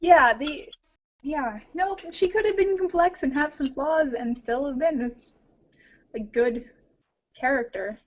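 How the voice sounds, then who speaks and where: A woman's voice: high voice, unhurried. A woman co-hosting a podcast, talking casually and rambling with many fillers. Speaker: podcast co-host. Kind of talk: casual discussion. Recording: dull lo-fi audio.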